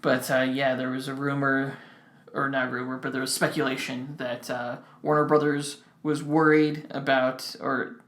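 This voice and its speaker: A man's voice: medium pitch, little pitch movement, moderate pace, a bit bright, roomy sound. A young man co-hosting a podcast in casual chat, rambling with many restarts. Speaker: podcast co-host.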